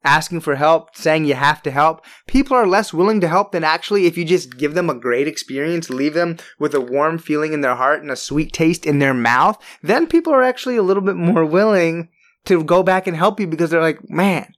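In an animated, brisk sports monologue, a podcast host rants his opinions emphatically, his voice jumping loud and high on stressed words.

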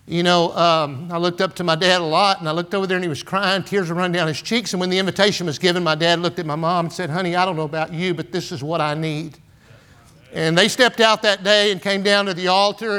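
A man's voice: high-pitched, pushed and bright, clear, resonant tone. A man, preaching in a folksy, storytelling way full of "and, uh" and "man". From San Antonio, Texas. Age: 60s. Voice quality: folksy, filler-heavy with "and, uh" and "man". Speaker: pastor. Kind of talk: storytelling sermon.

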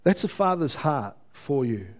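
A man preaching a conversational sermon. He is earnest, checks in with his listeners with a quick "yeah?", and stumbles over his words as he builds intensity. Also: on the high side, sing-song. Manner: builds intensity, stumbles and repeats himself when moved.

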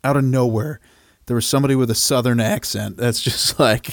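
A man's voice: medium pitch, brisk, no echo. Amused man joking about a film. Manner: amused, animated, laughs through his lines. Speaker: podcast co-host. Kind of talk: casual chat recapping a film.

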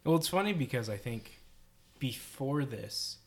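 A man on a casual movie podcast, thinking aloud with pauses and fillers. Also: mid-range voice, lively intonation. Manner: thoughtful, hesitant with fillers.

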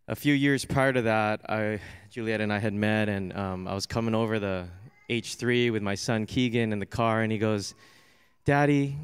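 A man's voice: fairly low pitch, smooth. A man in his forties giving a personal testimony at a church service, telling his story earnestly. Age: 40s.

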